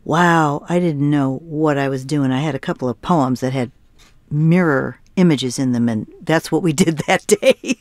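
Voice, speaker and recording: A woman's voice: sits low, a little mellow, dry recording, clean studio sound. A woman hosting a radio music show, casually introducing songs. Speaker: radio host.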